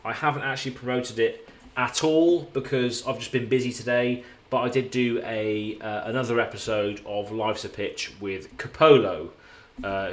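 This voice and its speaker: A man's voice: lowish voice, a little hiss or hum. A man streaming from a hotel room, chatting casually and rambling as he answers viewers in his live chat.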